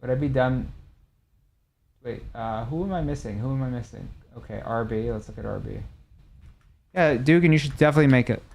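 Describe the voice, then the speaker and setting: This young adult streamer chats casually with his viewers and reacts animatedly, swinging between loud and soft. His mid-range voice is creaky and fairly quick, broken by long pauses, with slight background noise.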